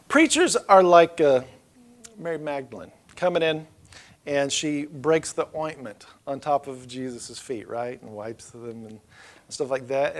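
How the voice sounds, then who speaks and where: A middle-aged man, preaching a loose, storytelling sermon in church that swells loud and then drops low. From Oklahoma. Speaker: pastor. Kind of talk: conversational sermon.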